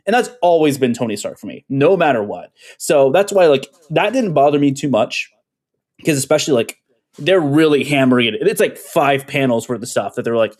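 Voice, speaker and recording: A man's voice: on the high side, lively intonation, normal speed, darkish tone. A man co-hosting a casual podcast over a remote call, talking conversationally and hedging often with "like" and "uh". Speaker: podcast co-host.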